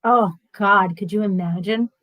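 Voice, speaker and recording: A middle-aged woman chatting on a casual livestream, reading viewer comments aloud in a lively, animated way. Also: mid-range voice, a little slow, no echo, low-quality recording. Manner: chatty and animated, laughs often.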